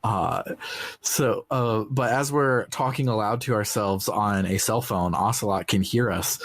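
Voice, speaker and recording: A man with a fairly low voice who speaks bluntly and jokes easily. His voice is recorded dry and close, with no room sound around it. He keeps a laid-back, casual chat tone. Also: measured pace, a bit bright, no echo. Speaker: podcast co-host.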